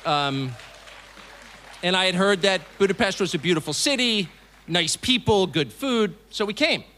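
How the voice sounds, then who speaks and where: A middle-aged man from the United States addresses a live audience with a bright, forceful, fairly high voice. His pitch swings widely as he lands emphatic points. He drops in dry, mocking asides. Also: normal speed, some chatter behind. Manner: animated, emphatic delivery. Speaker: television host giving a speech. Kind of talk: public speech to a live audience. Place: event hall before an audience.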